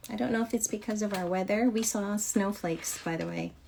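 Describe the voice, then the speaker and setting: A woman's voice: medium pitch, brisk, creaky, darkish tone, a little hiss or hum. A woman from Michigan hosting a casual livestream chat about children's books, upbeat and chatty, laughing often. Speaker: host of a children's author show.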